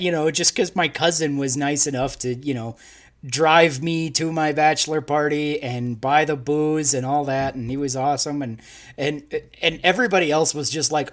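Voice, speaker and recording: A young male co-host talking loosely over a live stream. His voice sits a little on the high side, and he rambles, restarts and laughs as he goes. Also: moderate pace. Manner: rambling, laughing, self-interrupting. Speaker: podcast co-host. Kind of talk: casual live-stream chat.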